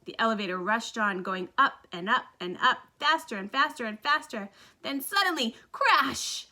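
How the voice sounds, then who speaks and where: A woman reading a children's book aloud with lively, expressive narration. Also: on the high side, normal speed. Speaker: storybook reader.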